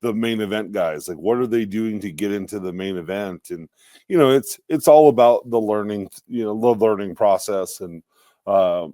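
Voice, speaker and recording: A man's voice: on the low side, normal speed, dark tone, dry recording. A man with an American accent co-hosting a wrestling podcast, speaking in an easygoing, reflective way. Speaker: podcast co-host. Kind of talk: casual chat.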